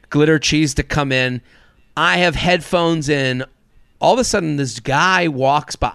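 A man hosting a comedy podcast, telling a complaint story in an animated, exaggerated way. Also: clean tone, no echo, studio quality. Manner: animated storyteller, jumps up in pitch when acting out people. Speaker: podcast host. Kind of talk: casual comedic complaint chat. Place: New York City.

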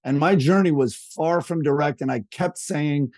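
A man's voice: on the high side, normal speed, a little mellow, no echo. A middle-aged man, a podcast guest, telling rambling stories in a casual, chatty way. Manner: chatty, rambling, acts out quoted people. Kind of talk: casual anecdotal storytelling.

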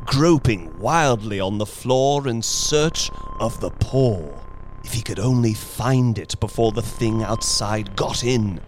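Slow, hushed male horror narrator. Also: mid-range voice. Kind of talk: dramatic horror story reading.

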